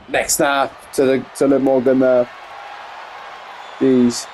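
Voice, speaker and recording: A man giving play-by-play commentary over a wrestling video game, getting excited on big moves and rambling into asides full of fillers. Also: medium pitch, slow pace, pauses often, slight background noise. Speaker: gameplay commentator.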